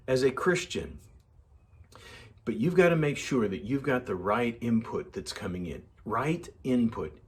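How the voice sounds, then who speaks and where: Older man, mid-pitched, earnest mentor, advice to teens. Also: big pitch swings, unhurried. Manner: earnest, repeats himself, quotes others in changed voices. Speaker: youth mentor.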